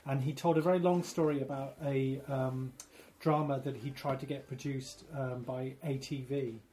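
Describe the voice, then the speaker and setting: A man on a podcast, chatty and halting, telling a story with fillers and frequent laughs. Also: mid-range voice, fairly even intonation, warm tone, a little hiss or hum. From Isle of Man. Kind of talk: casual chat, storytelling.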